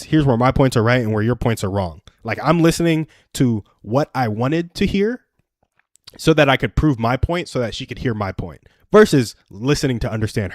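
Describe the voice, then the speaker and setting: A man's voice: mid-range voice, no room sound, studio quality. A young adult man hosting a live stream, giving earnest, self-deprecating advice through personal stories in a casual chat.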